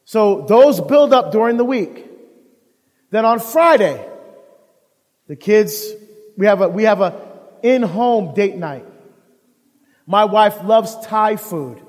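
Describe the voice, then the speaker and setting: A deacon giving a live talk on marriage to an audience, telling animated stories and acting out the dialogue. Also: male voice, sits high, takes it slowly, long pauses. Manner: animated storyteller who acts out dialogue. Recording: long hall reverb.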